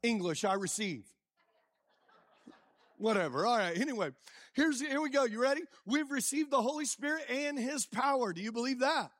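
A male pastor preaching a sermon with lively call-and-response, quizzing the congregation as he goes. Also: very high-pitched, moderate pace, no echo, studio quality. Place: church.

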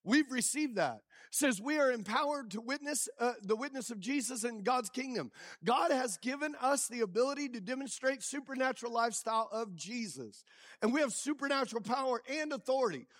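A male pastor preaching a sermon with lively call-and-response, quizzing the congregation as he goes. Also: extremely high pitch, fairly quick, no room sound, clean studio sound. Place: church.

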